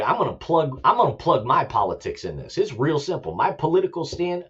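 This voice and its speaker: Hosting his own show, an American army veteran with a fairly high, husky voice launches into an impassioned, repetitive political rant, throwing in swear words for emphasis. The recording has its highs cut off.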